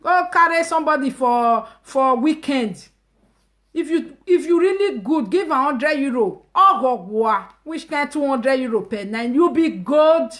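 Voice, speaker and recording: A woman speaking Nigerian Pidgin English, hosting a casual live stream and ranting emphatically and mockingly, with loud outbursts and low asides. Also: expressive, measured pace. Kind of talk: animated casual rant.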